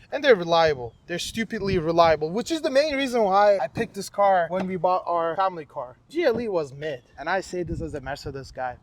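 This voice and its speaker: Man in his twenties, car review vlog, casual slangy delivery, high pitch. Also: a little hiss or hum. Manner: slangy and joking, says "bro".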